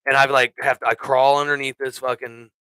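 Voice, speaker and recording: A man hosting a podcast, telling a crude story in a casual, animated way, swearing a lot. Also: medium pitch, a little fast, clean tone, no room sound, poor audio. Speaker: podcast host.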